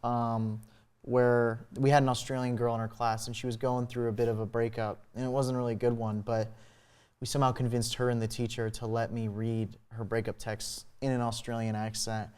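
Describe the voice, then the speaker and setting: Young man, talk show guest, smooth resonant voice, rambling, casual. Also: mid-range voice, flat delivery, brisk, darkish tone. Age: young adult. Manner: rambling, many fillers. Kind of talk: casual chat.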